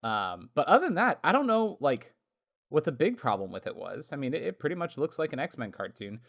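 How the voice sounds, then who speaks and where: A man co-hosting a podcast in casual chat, talkative and quick to laugh, with plenty of fillers. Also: on the high side, sing-song, creaky, fairly bright tone. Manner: chatty, laughs often, lots of fillers. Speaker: podcast co-host.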